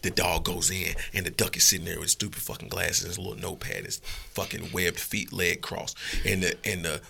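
A man giving blunt, profane, animated opinions as a guest in a casual podcast chat. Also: deep voice, brisk, creaky, a little hiss or hum.

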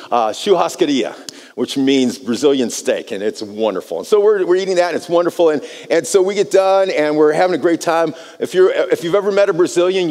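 An American man preaching a sermon, telling a personal story in an animated way and often repeating words as he starts a phrase. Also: a little high. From United States. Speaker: pastor. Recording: long hall reverb.

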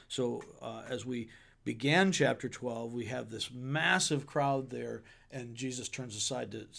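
A man with a gravelly, mid-pitched voice talks through a Bible chapter as a pastor on a podcast. He is loose and conversational and reads the verses aloud with a playful, paraphrasing touch. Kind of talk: podcast sermon discussion.

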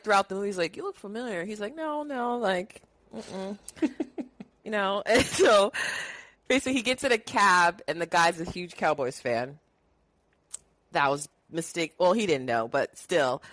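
A woman's voice: mid-range voice, fairly bright tone. A young woman co-hosts a casual movie podcast, her voice bouncing up and down as she retells scenes. She laughs often and acts out the lines. The sound is dry and close, with no room echo. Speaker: podcast co-host. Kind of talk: casual chat recapping movie quotes.

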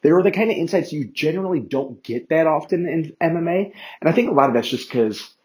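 A man's voice: a little high, lively intonation, fairly quick, darkish tone, low-quality recording. A man hosting a casual solo sports podcast, rambling, swearing freely and mocking himself as he goes. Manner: rambling, profane and self-mocking; chatty, with many fillers and restarts. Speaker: podcast host.

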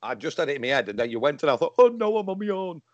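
A man on a podcast quiz, jokey and animated, thinking out loud as he hunts for answers. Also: a little high, very fast, no room sound, highs cut off. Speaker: podcast guest. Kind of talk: casual banter.

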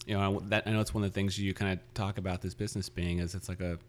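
Low-voiced relaxed male interviewer. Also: rapid-fire. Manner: relaxed, curious, loose phrasing with many "like"s. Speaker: interviewer host. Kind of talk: casual interview.

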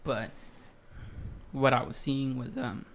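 A man's voice: medium pitch, fairly even intonation, slow pace, slight background noise. A young man casually telling a long story on a podcast, full of swearing and "like". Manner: loose, profane storytelling with lots of "like". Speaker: podcast co-host.

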